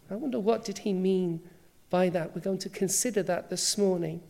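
A woman's voice: medium pitch, fairly even intonation, moderate pace, vocal fry, darkish tone. A woman preacher delivering a sermon, emphatic and full of rhetorical questions.

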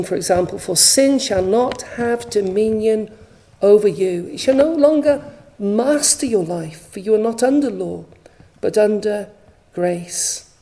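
A woman's voice: on the high side, dark tone, rough recording. A woman preaching a sermon, reading scripture aloud with earnest emphasis and rhetorical questions.

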